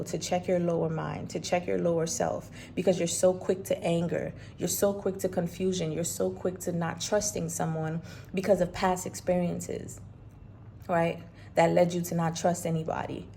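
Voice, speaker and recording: A woman's voice: on the low side, creaky, mellow, a little hiss or hum. A woman talking as a spiritual vlogger, earnest and repetitive in a coaching tone. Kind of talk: reflective spiritual talk.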